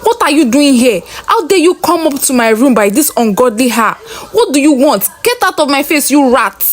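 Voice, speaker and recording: A woman doing a haughty, bullying rich fiancée in a spoken story, her voice pushed high and shrill. She yells every line and spits out insults. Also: big pitch swings, moderate pace. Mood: furious. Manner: yelling insults.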